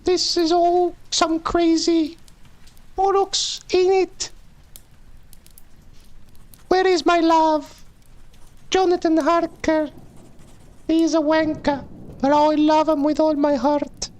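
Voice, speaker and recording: A squeaky, giddy young Englishwoman, as a man puts her on in falsetto. She is bouncy and cheeky, throws crude slang about, and drawls her words out in an unhurried way, shrill and high like a cartoon. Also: level tone, darkish tone. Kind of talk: comic voice for a live reading.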